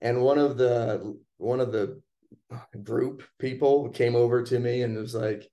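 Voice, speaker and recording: A man casually telling a personal story in conversation, relaxed and chatty, acting out what people said. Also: medium pitch, measured pace, highs cut off. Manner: relaxed, chatty, acts out quoted lines.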